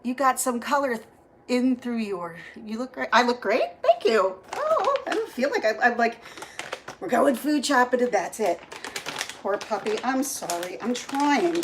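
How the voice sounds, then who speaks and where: A woman's voice: a little high, big pitch swings, unhurried, background noise. A middle-aged woman, chatting casually on a live stream from her phone at home, greeting viewers by name and laughing often. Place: home kitchen.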